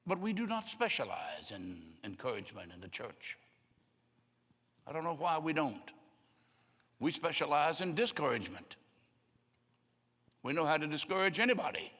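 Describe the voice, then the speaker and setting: A man's voice: on the high side, very animated, normal speed, pauses often, fairly bright tone, husky. An older man preaching a sermon in a folksy storytelling way, often acting out the voices of people he quotes. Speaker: pastor. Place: church sanctuary. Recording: long hall reverb.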